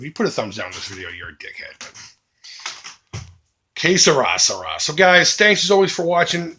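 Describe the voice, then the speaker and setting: As a vlogger, a middle-aged man makes an earnest, emphatic charity appeal to his viewers, swinging between loud and hushed. His voice sits on the high side, with slight background noise.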